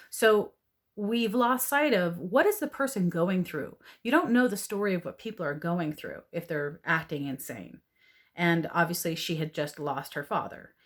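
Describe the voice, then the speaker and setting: Woman, lowish voice, earnest, pleading spiritual advice talk. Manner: earnest, pleading, with frequent "right?" and "okay?". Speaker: oracle card reader.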